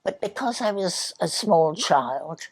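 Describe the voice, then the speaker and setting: An older woman telling childhood stories in an interview, speaking softly and sometimes dropping to a near whisper. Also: on the low side, lively intonation. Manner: soft, unhurried, drops to a near whisper. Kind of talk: reminiscing storytelling.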